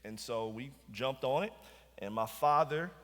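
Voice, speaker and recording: A man's voice: mid-range voice, a little slow, fairly bright tone. A man with a Southern US accent preaching a sermon, telling a story and then pressing his points with emphasis. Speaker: pastor. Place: church sanctuary. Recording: church hall reverb.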